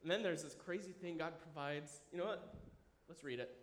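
A man in his thirties preaching a sermon, animated and enthusiastic, dropping at times to a quiet, earnest tone. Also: a little high, normal speed. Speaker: pastor. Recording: echoey room with faint ambience.

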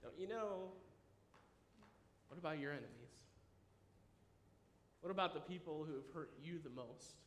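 A man in his thirties preaching a sermon, animated and enthusiastic, dropping at times to a quiet, earnest tone. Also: fairly high pitch, normal speed, gravelly, long pauses, a little hiss or hum. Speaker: pastor. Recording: echoey room with faint ambience.

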